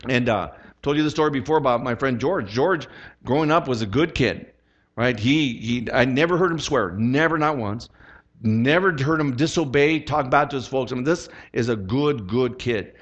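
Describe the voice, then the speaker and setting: A man preaching a sermon as pastor, telling a personal story with lively acted-out quotes. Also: mid-range voice, moderate pace, muffled recording.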